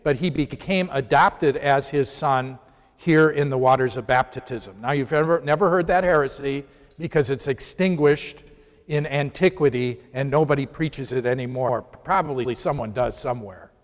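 A man's voice: medium pitch, moderate pace. A man leading an informal Bible lesson, talking conversationally and putting questions to his class. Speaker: Bible study teacher. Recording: long hall reverb.

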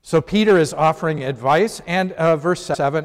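Man, somewhat high voice, casual Bible class teacher quizzing his group, long hall reverb. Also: moderate pace. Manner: conversational, poses questions to the class. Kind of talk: informal Bible lesson.

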